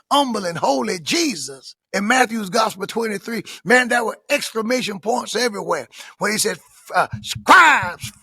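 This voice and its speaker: An older man speaks in the rhythm of a preacher, his high voice bright and cutting. He drops to soft tones and then rises to shouted emphasis. The sound is husky and recorded close and dry. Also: no echo. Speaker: bishop and pastor. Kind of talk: emphatic interview answers in a preaching manner.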